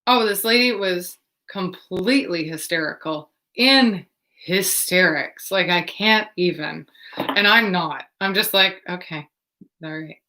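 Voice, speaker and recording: A woman reads oracle cards and then slips into casual storytelling with a bright, crisp edge to her voice. She is animated and blunt, swearing freely and laughing as she talks. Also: fairly low pitch, unhurried, poor audio. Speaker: tarot reader.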